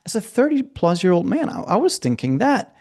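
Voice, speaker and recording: A middle-aged man, a coach and guest, telling stories in an animated way and acting out the people he quotes. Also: high-pitched, fairly quick. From Scandinavia. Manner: lively, acts out quoted voices. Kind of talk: animated storytelling.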